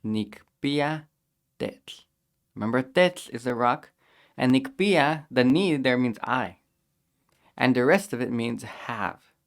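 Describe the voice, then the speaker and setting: A man teaching a language lesson, patiently repeating each phrase slowly and clearly for learners to copy. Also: mid-range voice, expressive.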